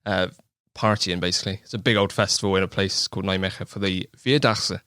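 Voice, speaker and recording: A man's voice: low-pitched, steady tone, pushed and bright, clear, resonant tone, dry recording, studio quality. A young man with a West Country accent, a podcast guest chatting in a jokey, self-mocking way. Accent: West Country English. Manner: jokey and quick-talking, laughs at himself. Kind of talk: casual interview chat.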